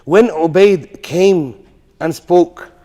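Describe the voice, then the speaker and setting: A man's voice: high-pitched, drawn-out words, warm tone. A man with a slightly raised voice tells a lesson story in a chatty, informal way, often tossing questions back to his class. The sound carries a long reverb from the mosque hall, and he drops into slang asides as he talks. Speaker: tajweed teacher.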